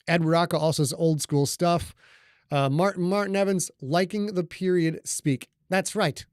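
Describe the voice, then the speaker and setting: A man's voice: fairly high pitch, fairly even intonation, moderate pace, clean tone, dry recording, clean studio sound. Rambling man hosting a livestream. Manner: loose, rambling, joking. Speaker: livestream host and author. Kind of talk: casual livestream chat. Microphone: studio microphone.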